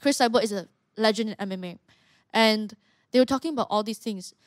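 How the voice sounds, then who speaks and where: A woman's voice: medium pitch, fairly quick, no echo, clean studio sound. A young woman, earnestly talking as a podcast guest, often restarting her sentences. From Malaysia. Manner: earnest, talkative, with frequent restarts. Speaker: guest, martial arts fighter. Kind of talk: casual podcast conversation.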